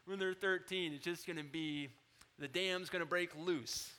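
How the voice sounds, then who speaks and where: A pastor in his thirties delivers an animated sermon at a moderate pace. He rises loud when quoting scripture and drops low when he wants to confide.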